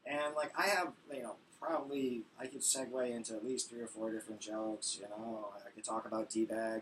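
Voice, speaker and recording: A man's voice: on the low side, fairly even intonation, normal speed, hardly any pauses, a bit bright, recorded from a distance, slight background noise, low-quality recording. A man doing stand-up, telling a profane, ranting story and acting out phone calls. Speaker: stand-up comedian.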